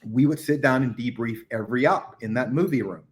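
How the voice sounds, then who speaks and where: Man, middle-aged, podcast guest, retired military chief, casual storytelling, animated. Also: mid-range voice, a little fast. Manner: animated war storytelling, acts out shouted quotes.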